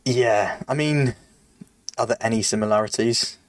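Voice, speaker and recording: A man co-hosting a film podcast in relaxed, agreeable casual chat with quick asides. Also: medium pitch. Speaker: podcast co-host.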